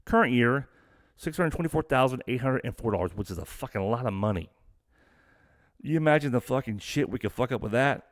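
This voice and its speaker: A man's voice: medium pitch, animated, brisk, no echo, clean studio sound. A middle-aged man from Texas hosting a live stream, ranting bluntly and profanely in a rambling, casual way.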